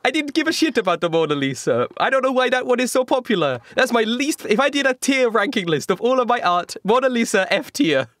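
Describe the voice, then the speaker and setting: A man voicing a boastful male Renaissance genius with a deliberately hammy fake Italian accent, pausing grandly during a tabletop role-play. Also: very high-pitched, sing-song, a bit bright, no echo, studio quality, pitched above the performer's own voice, full character voice. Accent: Italian (put on, deliberately bad).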